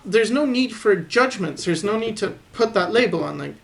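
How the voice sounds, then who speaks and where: A man talks over his sketching in a calm, reflective way. He thinks aloud and reasons through each point as he draws. His tone stays encouraging and easygoing. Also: sits high, normal speed, vocal fry. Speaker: artist teaching drawing. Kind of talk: voice-over commentary while sketching.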